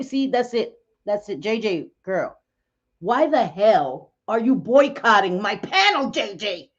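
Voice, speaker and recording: A woman hosting a casual livestream chat, talking bluntly and excitably, cursing and laughing often. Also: medium pitch, takes it slowly, lo-fi sound. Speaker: livestream host.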